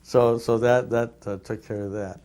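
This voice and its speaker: Man, devotee telling a story, lively storyteller, acts out the quotes, mid-pitched voice. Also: moderate pace. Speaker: devotee recalling memories. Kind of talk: personal anecdote telling.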